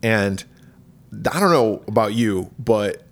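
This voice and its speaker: Joking, lively podcast co-host. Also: male voice, fairly low pitch, slow pace. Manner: loose, profane and joking. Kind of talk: casual chat.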